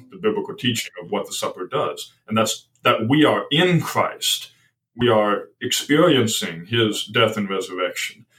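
A man's voice: on the low side, animated, moderate pace, bright, forceful tone, recorded from a distance, poor audio. A man explaining ideas in a podcast conversation as the guest author, thoughtful and hesitant, often restarting his sentences.

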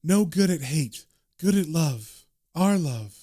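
A man voicing a gentle, sad female ghost who speaks in soft, slow, simple phrases. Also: fairly high pitch, animated, dry recording, studio quality. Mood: plaintive.

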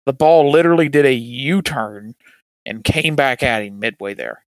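A man's voice: medium pitch, moderate pace, no echo. Laid-back man talking sports, dry. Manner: laid-back, agreeable, laughs often. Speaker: podcast co-host. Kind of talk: casual sports chat.

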